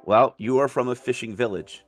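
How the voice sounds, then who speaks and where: A man running a tabletop game as game master, describing scenes in a slow, measured way. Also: mid-range voice, faint music behind.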